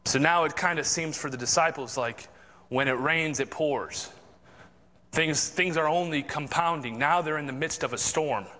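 A man's voice: fairly high pitch, normal speed, sharp tone. A man preaching a sermon in a conversational, informal way, reading from the Bible. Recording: long hall reverb.

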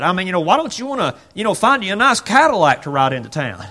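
Male preacher, slightly high, very animated; chatty sermon, acts out the voices in the story. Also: quick pace, few pauses. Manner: conversational, rhetorical questions, acts out quotes. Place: church.

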